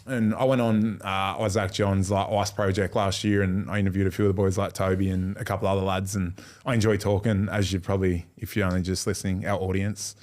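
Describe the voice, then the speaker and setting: A man's voice: low voice, little pitch movement, brisk, darkish tone. An Australian man and former rugby league player co-hosting a podcast, telling a rambling story with a self-mocking, joking manner. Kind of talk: casual chat.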